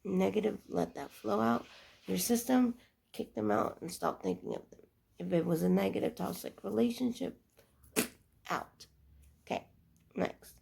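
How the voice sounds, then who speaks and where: A woman's voice: medium pitch, very animated, a little slow, vocal fry, pauses often, darkish tone, a little hiss or hum. A young adult woman giving earnest, rambling life advice in a casual monologue. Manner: earnest, preachy, rambling with restarts.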